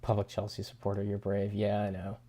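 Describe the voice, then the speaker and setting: Completely flat and a little fast, this young man's lowish voice has a dark tone. During a casual livestream he reads through viewer comments, relaxed, with frequent chuckles and restarted sentences.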